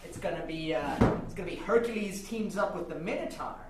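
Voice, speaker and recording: A man's voice: sits high, lively intonation, brisk. A man in live improv comedy, talking casually and rambling as an interviewer, heard far off in a very echoey room with noise. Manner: casual, rambling, filler-heavy.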